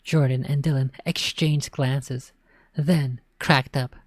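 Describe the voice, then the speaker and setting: Brief: woman storyteller, low and even, chatty asides, dry close mic. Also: takes it slowly, dry recording. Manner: casual asides between read lines. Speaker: storybook reader. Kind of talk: reading a children's horror story aloud.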